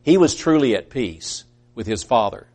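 In this sermon, a man speaks earnestly, rising to emphatic climaxes and then tapering off quietly as he acts out quoted voices. He sounds animated, with a mid-range voice and a moderate pace.

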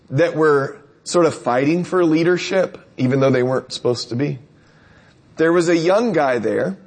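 A man's voice: fairly high pitch, darkish tone. A man preacher delivering a conversational sermon, telling stories and asking rhetorical questions.

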